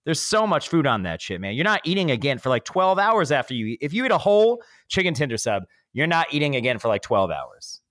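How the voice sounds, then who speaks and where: A man's voice: fairly high pitch, sing-song, quick pace, few pauses, a bit bright, no echo, clean studio sound. A young man co-hosting a casual podcast chat, joking and swearing freely. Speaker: podcast co-host.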